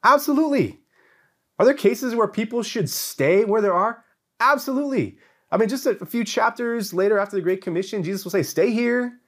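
A man teaching a sermon to his church, preaching emphatically with repetition and swings between loud peaks and hushed lows. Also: quick pace, few pauses.

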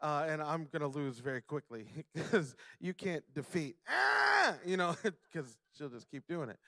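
Young guy preaching, high voice, dry sound, gets loud and emphatic. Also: no room sound. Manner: emphatic, slowing down to stress key words. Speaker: pastor; father. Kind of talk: sermon.

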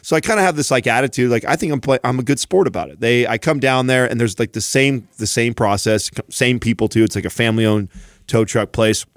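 A man co-hosting a podcast, telling a story in a casual chat, animated and swearing freely. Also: medium pitch, brisk, dry recording, studio quality. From San Jose area, California. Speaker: podcast co-host.

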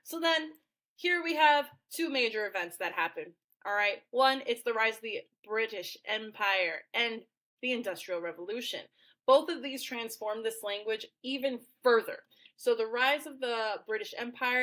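A woman's voice: fairly high pitch, a bit bright. A woman hosting a casual podcast about language, chatting in a loose, playful way. She scatters fillers through her talk and laughs often as she explains, sounding like the teacher she once was. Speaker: podcast co-host; former teacher. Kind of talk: casual educational chat.

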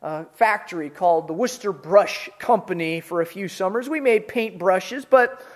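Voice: medium pitch, normal speed. Earnest conversational preacher. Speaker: pastor. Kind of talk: sermon.

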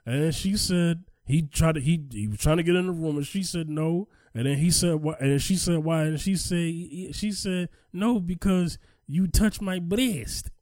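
A man co-hosting a casual podcast chat, talking in an animated, emphatic way as he tells a story. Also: on the high side, fairly quick, few pauses, no echo, studio quality. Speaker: podcast co-host.

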